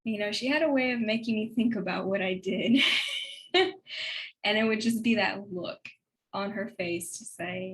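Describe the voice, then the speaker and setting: A woman's voice: mid-range voice, normal speed, long pauses, low-quality recording. Woman giving a heartfelt, reflective tribute. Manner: conversational, reflective, faith-based, with soft laughs.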